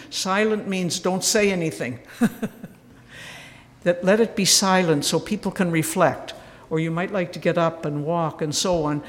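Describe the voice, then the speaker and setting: Woman, retreat talk, gentle earnest storytelling, wry humor, echoing church. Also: fairly low pitch. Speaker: retreat speaker. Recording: long church reverb.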